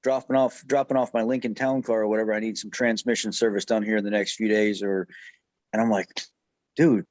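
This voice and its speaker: Easygoing lower-voiced male host. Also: little pitch movement, fairly quick, darkish tone, no room sound. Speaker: host of a truck repair channel. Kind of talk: casual talk-show chat.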